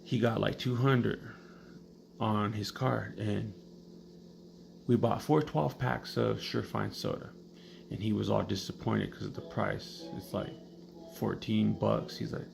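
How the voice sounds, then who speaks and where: A man's voice: on the low side, steady tone, unhurried, vocal fry, darkish tone. A man casually telling comedic stories in a blunt, profane way. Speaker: storyteller. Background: background music.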